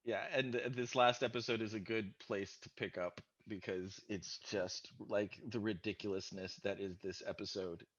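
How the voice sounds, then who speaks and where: A man's voice: on the low side, fairly even intonation, moderate pace, few pauses, dull audio. A man in casual podcast chat who laughs often and tells stories with animation. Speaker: podcast host.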